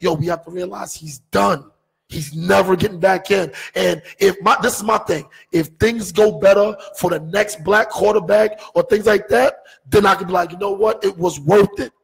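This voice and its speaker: A man's voice: sits high, fairly even intonation, normal speed, creaky, husky, in a large hall, rough recording. A man in casual sports talk, arguing his point with emphatic rhetorical questions.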